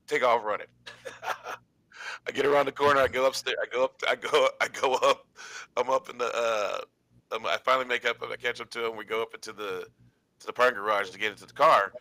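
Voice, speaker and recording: A man telling a long personal story in casual chat, animated and acting out the quotes with laughs. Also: mid-range voice, a little fast, no echo.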